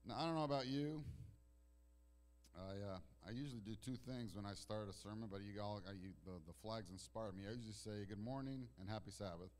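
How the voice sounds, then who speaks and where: A male pastor delivering a sermon in a church, swinging between loud declarations and hushed, slow passages, often repeating words as he restarts phrases. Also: on the low side. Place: church sanctuary.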